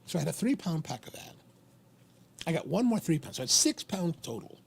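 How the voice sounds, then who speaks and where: The livestream host here is a man from Maryland, USA whose voice is on the high side, gravelly and husky, moving at a fairly quick pace. His talk is casual and meandering, lively, with phrases said again and again.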